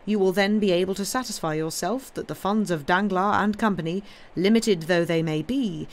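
A woman's voice: lowish voice, expressive, moderate pace, natural voice. A woman reading aloud, voicing a pompous middle-aged male banker who stammers and turns haughty. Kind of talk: reading a novel aloud on a livestream.

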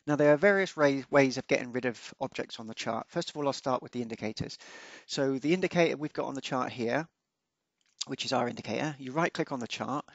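Male tutorial presenter, relaxed unscripted delivery, raspy edge, dry close voice-over. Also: mid-range voice, no echo, muffled recording. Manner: relaxed, unscripted, with frequent ums and small self-corrections. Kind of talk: screen-recorded software walkthrough.

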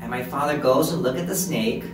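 In an echoey hall with a distant mic and background noise, a man with a mid-range voice talks a little fast. He is live-interpreting a deaf presenter's signed story in first person, restarting briefly now and then.

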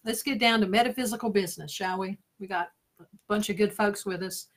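A woman's voice: medium pitch, fairly quick. An older woman hosting a casual live-stream talk, teasing her guest and steering the conversation. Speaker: host.

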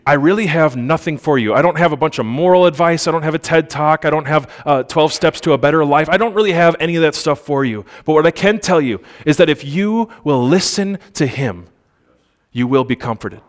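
A man preaching a sermon in church, speaking conversationally, asking the congregation for responses and reading scripture aloud with slow emphasis. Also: on the high side. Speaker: pastor.

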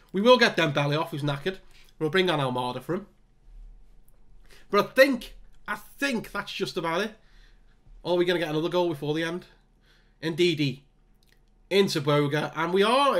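A man giving excitable, exasperated running commentary on a football management game, with his voice starting to go. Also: fairly high pitch. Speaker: gaming YouTuber.

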